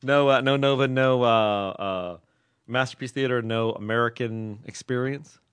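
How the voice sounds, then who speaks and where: A man hosting a podcast in casual, rambling chat, playful and quick to laugh. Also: mid-range voice, fairly even intonation, fairly bright tone, clear, resonant tone, no echo. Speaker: podcast host.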